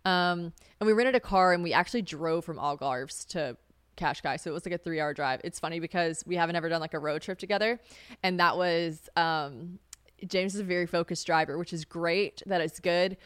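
A woman's voice: a little fast, a bit bright, clean tone, no echo. A young woman hosting a casual solo podcast, chatty and swearing freely, often acting out what others said. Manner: chatty, swearing, laughs, acts out quotes in a high voice. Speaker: podcast host.

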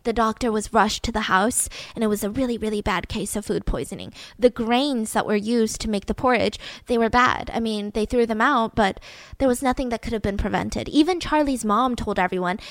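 Woman, casual true-crime storytelling, animated, slightly high voice, dry sound. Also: no echo. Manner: animated, acts out quotes, swears casually.

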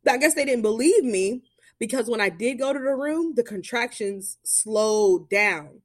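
A woman's voice: on the high side, lively intonation, normal speed, no room sound, studio quality. A young adult woman telling a personal story in a chatty way, full of fillers, who acts out the voices of the people she quotes.

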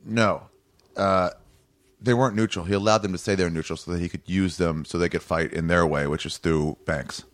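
A comedian guest in casual conversation, stating blunt, matter-of-fact opinions. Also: male voice, low-pitched, fairly even intonation, a little fast, dry recording. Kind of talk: casual chat.

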